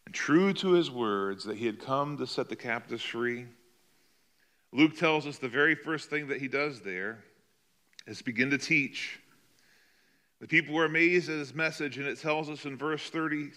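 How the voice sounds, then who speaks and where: A man preaching a sermon, dramatic and expressive, acting out the voices of the people he quotes. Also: mid-range voice. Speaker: pastor.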